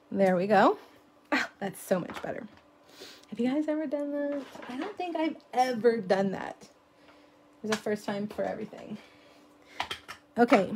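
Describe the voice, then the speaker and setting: Chatty, self-deprecating middle-aged woman with a fairly high voice, hosting a casual live craft demo. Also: a little hiss or hum. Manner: chatty, self-deprecating, talks to viewers in comments. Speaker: stamping craft demonstrator.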